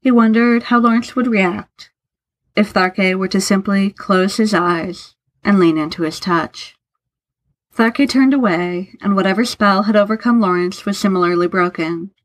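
A woman narrating fiction aloud in an unhurried, even storytelling manner. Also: mid-range voice.

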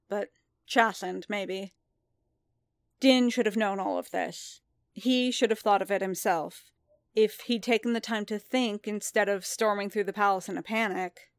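A woman's voice: mid-range voice, clean tone, dry recording. Woman reading a story, dry close sound. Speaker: reader. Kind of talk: audiobook reading of fan fiction.

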